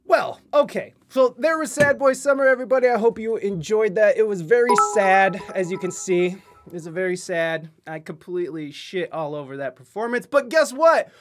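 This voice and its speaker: Male podcast host, jokey and loose, lively pitch, faint music behind. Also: normal speed, hardly any pauses. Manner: goofy, rambling, jokey with frequent laughs. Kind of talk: casual podcast chat.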